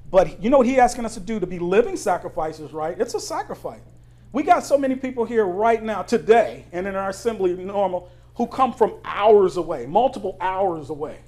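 A man's voice: high voice, a little mellow. A man preaching a sermon to his congregation, asking the room questions and laughing through personal stories. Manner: conversational preaching with call-and-response questions and laughing anecdotes. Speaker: pastor. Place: church sanctuary.

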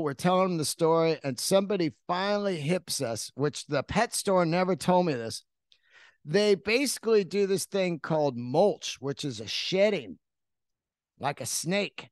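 A man's voice: high-pitched, dry recording, studio quality. A middle-aged man hosting a podcast, telling stories in a rambling, profane, casual monologue. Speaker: podcast host.

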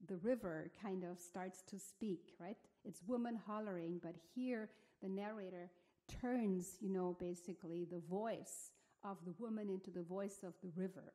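Mellow-voiced woman giving an academic talk. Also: on the low side. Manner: thoughtful, hesitant, many fillers and restarts. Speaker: symposium speaker. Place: museum symposium hall.

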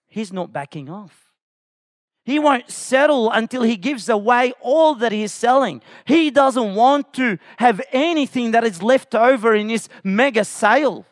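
A man with a strikingly high voice preaches slowly and deliberately, leaning hard on each phrase. His sermon turns impassioned and climbs to shouts as he calls out. The sound is dry and close. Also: animated, no echo. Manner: impassioned preaching, rising to shouts when voicing God's call. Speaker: pastor.

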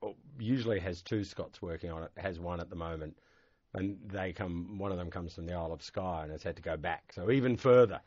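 A man's voice: low-pitched, fairly quick, darkish tone, dry recording. A man hosting a radio interview, asking questions in a playful, teasing way. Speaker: radio host. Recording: dull dry radio studio sound.

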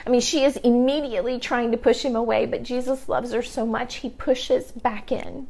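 A woman's voice: on the high side, steady tone, fairly quick, hardly any pauses, darkish tone. A woman giving an earnest devotional talk over a livestream, repeating key phrases for emphasis. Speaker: ministry leader. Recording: livestream video.

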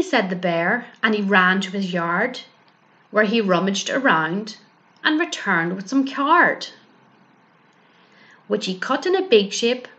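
A librarian reading a rhyming picture book aloud for children. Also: female voice, mid-range voice, fairly bright tone. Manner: rhythmic rhyming delivery. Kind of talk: storybook read-aloud for children.

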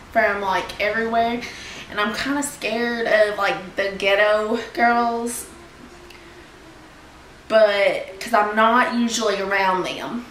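A young woman playing a giggly small-town girl who loves horses, talking haltingly in a mock reality-show confessional. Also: mid-range voice, fairly bright tone. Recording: echoey room with faint noise.

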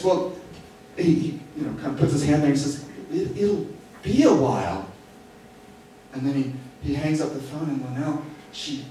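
A man telling a self-mocking story on stage, acting out the quoted lines as he goes. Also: a little high. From United States. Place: theater stage. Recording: echoey theater from far off, noisy.

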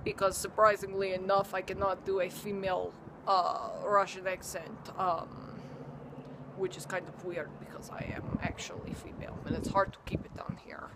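A woman's voice: medium pitch, steady tone, normal speed, background noise. A woman cosplayer chatting casually in a rambling way, with lots of fillers. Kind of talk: casual blooper chat.

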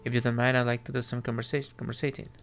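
A man voicing a crude male devil on a train, low and gravelly, talking slowly. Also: flat delivery, soft background music, natural voice. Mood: drawling. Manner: slow, crude, drawling.

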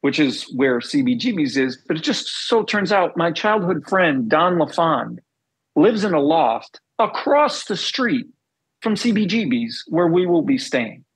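A middle-aged man, a former band bassist, telling stories in a casual interview and acting out the dialogue he recalls. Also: unhurried, slightly rough, rough recording. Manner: animated storyteller, acts out quoted dialogue.

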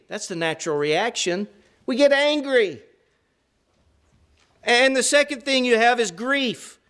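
A man's voice: extremely high pitch, lively intonation, measured pace, long pauses, a bit bright, smooth. A middle-aged man preaching a sermon in an earnest, conversational way, stressing points through repetition.

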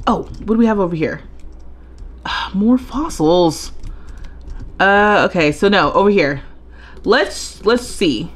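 A woman's voice: medium pitch, lively intonation, slow pace, pauses often. A young woman streaming a life-simulation game live, chatting and thinking aloud as she plays. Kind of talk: live gameplay commentary.

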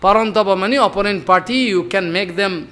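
A man's voice: sits high, brisk, sharp tone. An older man giving a devotional discourse, chanting verses and explaining them with repeated emphatic phrases. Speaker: spiritual teacher.

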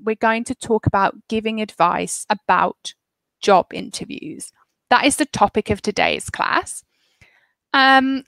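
A woman teaching a live online English class, praising students and explaining pronunciation clearly and encouragingly. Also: on the high side, dry recording, rough recording.

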